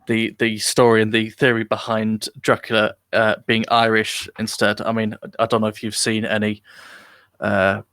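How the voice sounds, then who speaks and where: A British man co-hosting a live online podcast keeps up casual, joking chat, rambling with many fillers and restarts. His fairly low voice is monotone, clean and fairly bright, at a moderate pace, in a dry recording.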